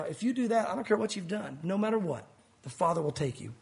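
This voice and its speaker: A man preaching as a pastor, telling a story dramatically, then pleading softly with the congregation. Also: sits high, big pitch swings, quick pace, creaky. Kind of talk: sermon. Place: church.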